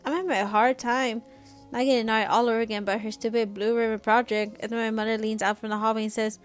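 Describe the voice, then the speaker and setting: A woman's voice: on the high side, little pitch movement, fast talker, soft background music. Woman reading a novel aloud casually. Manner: chatty, laughs and adds asides. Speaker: reader of a novel.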